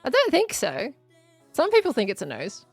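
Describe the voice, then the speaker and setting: An Australian woman chats on her stream, playful and quick to giggle. Her voice sits slightly high and moves in lively swoops. Soft music plays faintly in the background. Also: breathy edge. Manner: giggly, playful, laughs often. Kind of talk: casual chat while gaming.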